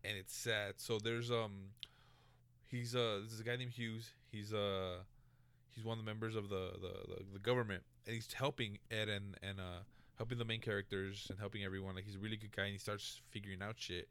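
A man hosting a podcast in casual chat, talking with animated energy, swearing freely and stumbling over restarts. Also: fairly low pitch, fairly quick, smooth, no room sound. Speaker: podcast host.

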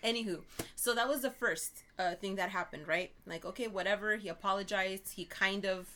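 A young woman co-hosting a casual chat, telling an animated, exasperated story and checking in with "right?" often. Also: mid-range voice, brisk, a little hiss or hum.

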